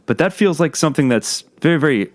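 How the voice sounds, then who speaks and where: A man's voice: fairly high pitch, lively intonation, quick pace, no echo, clean studio sound. A man hosting a podcast, speaking reflectively in a casual interview and often repeating words as he thinks. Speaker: podcast host.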